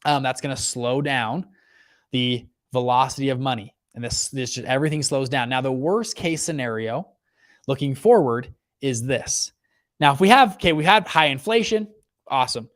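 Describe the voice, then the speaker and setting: A man's voice: medium pitch, moderate pace, no room sound, clean studio sound. A young man hosting a casual livestream about economics and investing. He talks with lots of energy, keeps checking in with "okay" and "right", and restarts his sentences often. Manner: energetic, lots of fillers and okays. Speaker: fund manager and show host.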